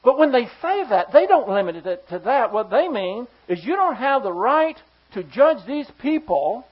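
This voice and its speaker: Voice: mid-range voice, sing-song, moderate pace, breathy edge. A pastor giving a sermon to a congregation, emphatic and firing rhetorical questions at the listeners. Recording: slightly dull lo-fi sound.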